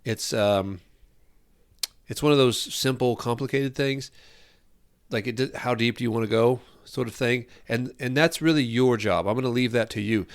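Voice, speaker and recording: A man's voice: mid-range voice, normal speed. A man hosting a podcast, giving an earnest, rambling solo talk on parenting, often repeating phrases as he searches for words. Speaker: podcast host.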